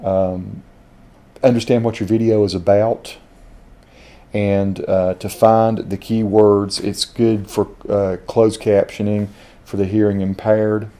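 A man with a Southern Appalachian accent, reviewing dictation software as he speaks punctuation commands aloud. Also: on the low side, flat delivery, takes it slowly. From Southern Appalachia, USA. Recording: home video.

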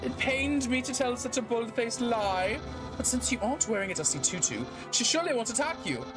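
A woman voicing an eager, loud young male skeleton in a game. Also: fairly high pitch, animated, brisk, over music, pitched above the performer's own voice, natural voice.

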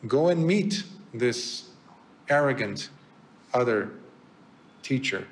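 A man voicing a gentle old male sword master who calmly reassures a frightened visitor. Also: medium pitch, slow. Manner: soft, calm, reassuring.

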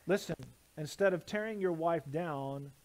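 A man's voice: fairly high pitch, normal speed. A man preaching a sermon as pastor, with emphatic delivery and repeated lists of words. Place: church sanctuary.

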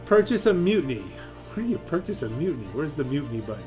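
A man's voice: fairly high pitch, sing-song, fast talker, over music. A man giving casual gameplay commentary, reading in-game dialogue aloud and muttering asides to himself. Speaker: let's play gamer.

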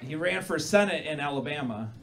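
A man doing a live stand-up set, deadpan with sudden loud bursts, telling dark jokes. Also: fairly high pitch, fairly quick, gravelly. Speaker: stand-up comedian. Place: small hall before a live audience. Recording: live room with loud crowd laughter. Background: crowd laughter.

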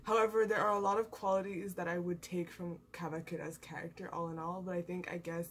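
A woman's voice: lowish voice, fast talker, breathy edge. Gushing young woman reacting to anime. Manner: gushing, excitable, lots of likes and ums. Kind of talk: casual reaction and review chat.

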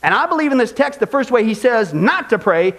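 A male pastor preaching a sermon in an animated, folksy way, often asking the congregation for agreement. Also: very high voice, a little fast.

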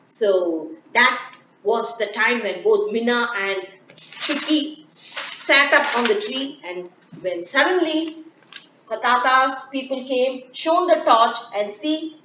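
A woman narrating a children's story slowly and gently, with occasional fillers. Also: a little high, slight background noise. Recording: dull, echoey room, from far off.

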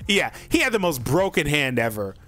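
A young man hosting a gaming channel, commenting on a card game as he plays, excitable, talking to himself and laughing often. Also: a little high, moderate pace, faint music behind.

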